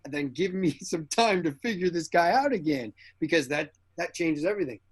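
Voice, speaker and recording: A man as a guest actor in an interview, telling casual stories with animated energy, acting out the quoted dialogue and laughing often. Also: fairly high pitch, normal speed, husky.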